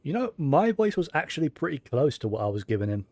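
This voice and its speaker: A man's voice: on the high side, sing-song, quick pace, a little mellow. A man playing a game on stream and chatting casually, self-deprecating about his own voice work. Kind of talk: casual let's-play commentary.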